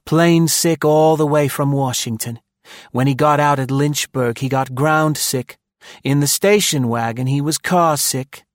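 A man voicing a sharp-tongued, shrewish society woman in an audiobook, with a crisp, sarcastic manner. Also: on the high side, a little slow, no echo, studio quality, pitched above the performer's own voice, natural voice. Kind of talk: audiobook character voice.

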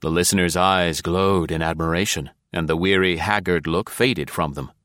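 A man narrating an audiobook in a measured, even storytelling manner. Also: low voice, smooth, no room sound, studio quality. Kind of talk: scripted narration.

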